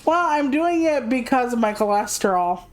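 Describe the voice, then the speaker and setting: A young woman streams a game and chats casually and candidly, rambling and swearing freely. Her voice is fairly high and expressive at a moderate pace, and faint game music plays under a rough recording.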